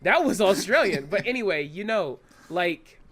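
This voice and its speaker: A man hosting a podcast in casual chat, sarcastic and animated, swearing freely. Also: high voice, normal speed. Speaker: podcast host.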